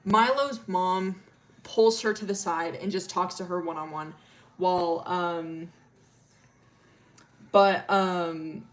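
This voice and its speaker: A woman's voice: lowish voice, slow pace, long pauses. A woman streamer casually telling a long story, rambling with lots of fillers, laughing often and swearing freely.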